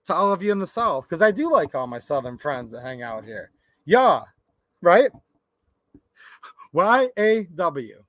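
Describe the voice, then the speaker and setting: A man from Michigan talks off the cuff on his own livestream, recorded in his workshop. His voice sits fairly high and sounds dry and close, with no room echo. He is opinionated and chatty, and he keeps turning to address his viewers. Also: big pitch swings, a little fast, few pauses. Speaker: gun channel livestream host. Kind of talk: casual livestream commentary.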